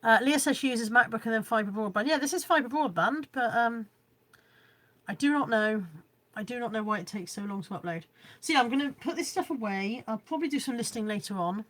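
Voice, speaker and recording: A woman's voice: a little high, animated, a little fast, fairly bright tone. A woman vlogging live from home, reading out viewer comments in a rambling, chatty way and joking about how little she knows about technology.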